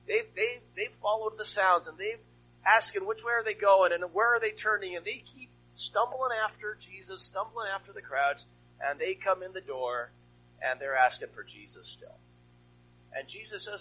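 A male pastor delivers a sermon in a high, bright voice with a husky grain. His pitch swings widely as he retells the story and fires off rhetorical questions. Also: animated, normal speed, rough recording.

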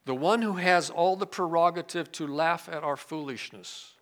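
Older male pastor, bright, fairly high voice; sermon delivery with sharp swings between emphasis and hush. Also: moderate pace. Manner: swings from loud emphasis to quiet asides.

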